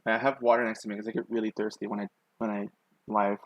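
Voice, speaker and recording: A man's voice: fairly low pitch, little pitch movement, quick pace, no echo, low-quality recording. A young male streamer chatting while he sketches, on a dry, close mic. He tells stories in a loose, rambling way, packed with "like" fillers, and he pokes fun at himself as he goes. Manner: rambling, with many "like" fillers and self-mocking asides. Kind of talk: casual storytelling while drawing on a live stream.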